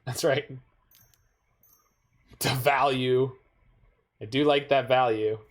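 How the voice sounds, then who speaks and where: Slow-talking streamer doing casual card game commentary, dry jokey asides to chat. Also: medium pitch, steady tone.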